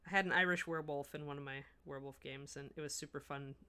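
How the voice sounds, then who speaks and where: Woman from the midwest, lowish voice, bright forceful tone, chatty livestream painting host, talks while she works. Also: fairly even intonation, quick pace, smooth. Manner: chatty, talks while working, restarts sentences. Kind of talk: livestream painting tutorial, answering chat.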